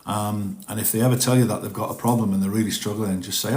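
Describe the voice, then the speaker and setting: A middle-aged man talks openly and rambles a little as he hosts a live stream, stopping to read out viewer messages. His voice sits on the lower side. The sound carries a noticeable room echo. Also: steady tone, fast talker, few pauses, darkish tone. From northeast England. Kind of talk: casual live-stream chat.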